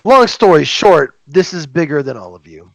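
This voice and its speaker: A man's voice: on the high side, sing-song, normal speed, creaky, fairly bright tone, dry recording, exaggerated voice, rough recording. A man voicing a blunt, plainspoken hired swordsman in a tabletop game. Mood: calm.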